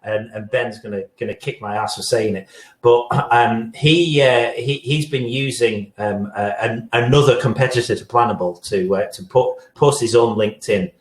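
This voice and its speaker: A man's voice: mid-range voice, normal speed. Joking man in an echoey room. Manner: joking, storytelling. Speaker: co-host. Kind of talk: casual live-show chat.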